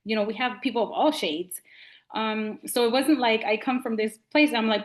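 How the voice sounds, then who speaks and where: A woman's voice: on the high side, moderate pace. A middle-aged woman from Nicaragua, a podcast guest telling a story in casual conversation and acting out what people said. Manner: animated storyteller acting out quotes.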